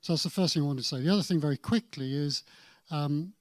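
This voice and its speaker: A man's voice: on the high side, fast, no echo. A man with a British accent speaking as a conference panelist, making emphatic points and restarting his sentences as he goes. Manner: emphatic, builds to forceful points with repeated restarts. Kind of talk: panel discussion. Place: conference stage.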